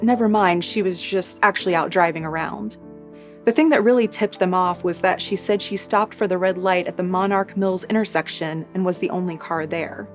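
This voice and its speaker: Woman, true crime narration, steady and measured, lowish voice, faint music underneath. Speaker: true crime channel host. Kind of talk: scripted narration. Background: soft background music.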